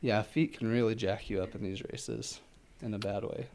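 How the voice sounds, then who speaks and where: A man's voice: lowish voice, fairly even intonation, normal speed, gravelly, darkish tone, a little hiss or hum. A man taking part as a guest in an interview, rambling with many fillers, laughing easily and slightly out of breath. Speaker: ultramarathon runner guest. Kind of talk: casual interview chat.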